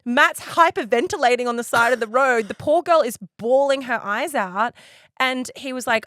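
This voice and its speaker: Woman, podcast co-host, animated storyteller who laughs mid-tale, dry close sound. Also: a little high, normal speed, no room sound. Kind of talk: casual chat, storytelling.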